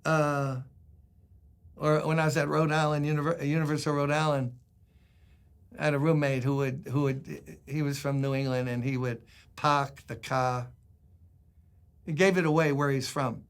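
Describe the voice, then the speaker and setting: A man's voice: on the high side, little pitch movement, normal speed, clean tone. An older man, a pastor, giving a devotional sermon in a conversational style, acting out quoted lines with dramatic emphasis.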